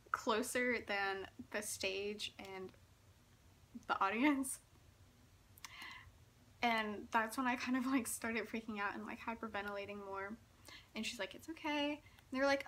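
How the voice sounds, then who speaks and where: A young woman telling a story in a casual vlog, giggling often and talking in an excitable, breathless way full of fillers. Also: a little high. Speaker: vlogger.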